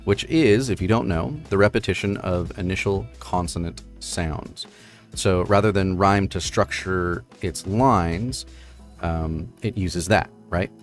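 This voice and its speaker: A middle-aged man hosting a casual livestream, chatting through explanations with many fillers and quick checks with listeners. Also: deep voice, faint music behind. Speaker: host.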